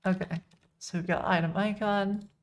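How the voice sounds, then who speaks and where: A woman's voice: medium pitch, steady tone, moderate pace. A woman from Texas, without a Texan accent, chatting casually with her live-stream audience while coding and reading chat messages aloud.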